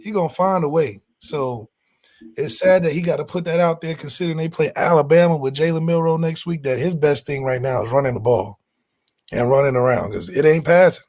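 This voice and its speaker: A man's voice: a little high, fairly quick, a little mellow. A man hosting a sports talk show, emphatic and slangy in casual chat. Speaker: sports podcast host.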